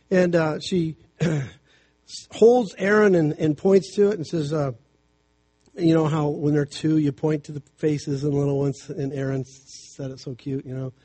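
Middle-aged man preaching, mellow voice. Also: a little high. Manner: conversational, storytelling preaching with quick asides. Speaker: preacher and family counselor. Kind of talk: sermon.

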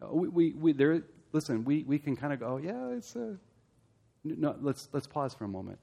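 A male pastor delivering a sermon in a somewhat high voice. He talks straight to the congregation with pointed questions and swells into loud, emphatic stretches. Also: expressive, fairly quick, gravelly. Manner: impassioned, rising to loud emphatic peaks.

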